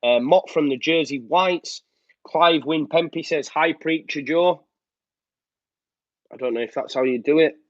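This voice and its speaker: Rambling host, slightly muffled. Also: male voice, fairly high pitch, normal speed, no echo. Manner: chatty and rambling, with many filler ums. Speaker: host of a live fan show. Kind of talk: casual live-stream chat reading out viewer comments. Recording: slightly muffled dry sound.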